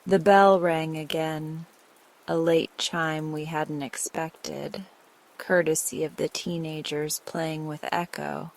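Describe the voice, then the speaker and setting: Woman, low voice, very unhurried, gentle sleep story narration. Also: flat delivery, poor audio. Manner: soft, slow and soothing. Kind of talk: calm scripted bedtime story narration.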